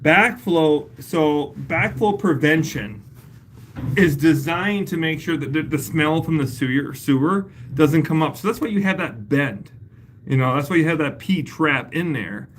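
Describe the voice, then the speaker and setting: Over slight background noise, a deep-voiced woman with lively intonation speaks a little slowly as she hosts a home repair livestream. She walks a viewer through a repair, then explains it plainly, keeping things loose with frequent laughs and casual swearing.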